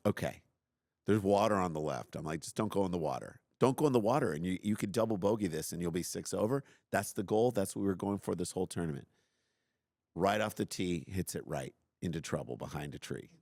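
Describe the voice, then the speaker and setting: Middle-aged man, very low voice, dry close mic, animated self-mocking storyteller. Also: a little fast, no echo. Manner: animated, self-deprecating, acts out his own outbursts. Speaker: podcast host telling a story. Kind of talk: casual storytelling.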